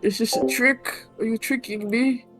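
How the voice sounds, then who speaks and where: A woman's voice: on the high side, fairly even intonation, normal speed, over music, voice pushed up, close to an everyday voice. A woman voicing a frail, frightened old man who begs not to be robbed and curses under his breath. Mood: relieved. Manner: pleading, whimpering, cursing.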